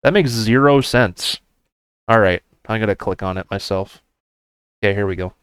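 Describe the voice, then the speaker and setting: A man's voice: lowish voice, normal speed, a bit bright, clear, resonant tone, no echo. A male game streamer in casual live-stream chat, upbeat and talking to his viewers. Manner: upbeat, chatty, talks to viewers.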